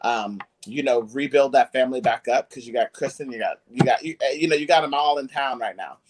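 Male host, mid-pitched, chatty and enthusiastic. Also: a little fast, slight background noise. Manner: enthusiastic, gossipy, many fillers. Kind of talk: casual chat.

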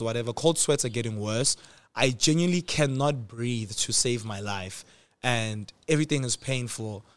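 This young man, the host, relates a personal story conversationally, bursting into laughter often and performing the doctors' lines and other people in it with plenty of animation. He has a mid-range voice recorded with no echo.

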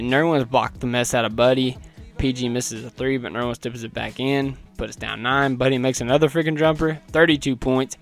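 A man talks through a basketball game recap from his notes, chatty and wry, with a voice that is not deep. His pitch sits in the middle for a man, and faint music plays in the background. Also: fairly bright tone.

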